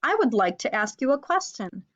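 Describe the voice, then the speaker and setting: A cheerful little bird from a storybook, chirping in a bright, high-pitched voice as a woman reads him aloud. He sounds curious and unafraid. The recording is a bit dull and lo-fi. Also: big pitch swings, normal speed.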